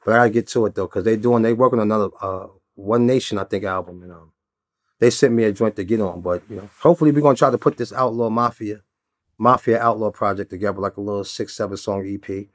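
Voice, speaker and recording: A man's voice: lowish voice, fast, no echo, clean studio sound. A man from New York, a guest in an interview, telling stories in a loose, laid-back way and often adding "you know what I'm saying". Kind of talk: casual storytelling interview.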